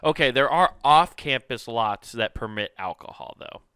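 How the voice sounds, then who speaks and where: A man's voice: medium pitch, expressive, moderate pace, pushed and bright, smooth, dry recording, clean studio sound. A man co-hosting a comedy podcast, joking in casual banter, often laughing and swearing. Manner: laughing, joking, profane, puts on voices. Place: car.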